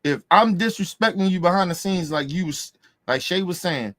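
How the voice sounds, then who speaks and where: A man's voice: sits high, lively intonation, normal speed, fairly bright tone, dry recording. A man hosting a podcast, ranting in a heated, profane way and repeating himself for emphasis. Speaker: podcast host. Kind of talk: casual ranting commentary.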